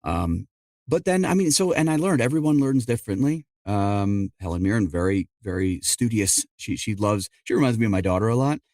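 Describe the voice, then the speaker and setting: A middle-aged man, an audiobook narrator and dialect coach, answering interview questions in an explanatory way, often quoting people in quick asides. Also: lowish voice, lively intonation, darkish tone, dry recording, studio quality.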